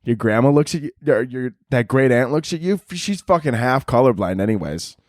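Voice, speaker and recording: A man hosting a solo comedy podcast, ranting with lots of swearing and laughter, and jumping between high mock voices and low mutters. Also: lively intonation, fairly quick, no echo, clean studio sound. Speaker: podcast host.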